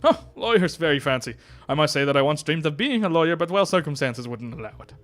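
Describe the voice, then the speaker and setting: A fussy, showy elephant shopkeeper from a game, as a man reads him aloud. The put-on European accent wobbles and drifts from one style to another. Soft music plays underneath. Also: a little high, big pitch swings, fast, vocal fry, pitched above the performer's own voice, exaggerated voice. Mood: theatrical. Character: fussy male elephant chocolatier.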